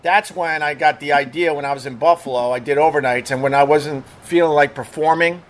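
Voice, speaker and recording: A middle-aged man with a somewhat high voice spins casual stories like the old radio DJ he was. He rambles, swears freely and trips over fillers and restarts as he goes. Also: a little fast. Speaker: former radio DJ telling stories. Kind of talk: casual storytelling monologue.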